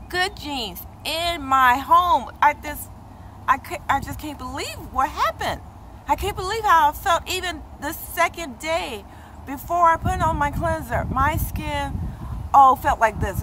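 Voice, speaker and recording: Chatty woman vlogger with noisy street behind. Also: fairly high pitch. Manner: animated, exclaims and repeats herself when excited; talks straight to her viewers with frequent "okay?". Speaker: beauty vlogger. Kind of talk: casual chatty product review.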